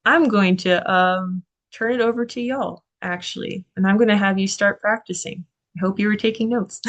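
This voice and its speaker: A woman's voice: medium pitch, fairly bright tone. A woman teaching a language class in a classroom, explaining letters and sounds and often checking in with "okay" and "right?". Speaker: Greek language instructor. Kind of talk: classroom lecture.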